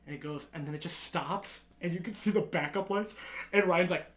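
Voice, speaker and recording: A young man telling a wild story in a casual podcast chat, swearing often and getting loud when he laughs, his voice worn out from talking. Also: high-pitched, fairly quick. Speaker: podcast co-host.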